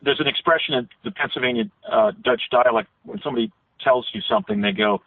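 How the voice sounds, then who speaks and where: A man's voice: medium pitch, expressive, quick pace, no room sound. A man guest on a radio interview, telling long rambling recollections with frequent restarts. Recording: tinny phone line.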